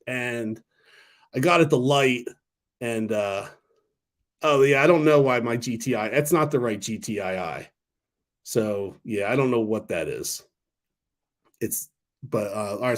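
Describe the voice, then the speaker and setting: A man in his thirties hosting a casual stock talk livestream, rambling and excitable, swearing freely. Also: medium pitch. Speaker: stock talk channel host.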